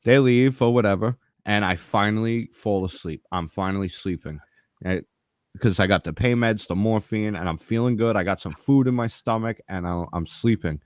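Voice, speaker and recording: A man with a fairly low voice spins a story in casual podcast chat. He swears freely and acts out each exchange of dialogue with lively energy. The sound is dry and close, with no room around it. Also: normal speed, no room sound. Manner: profane, animated, acts out dialogue. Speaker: podcast co-host.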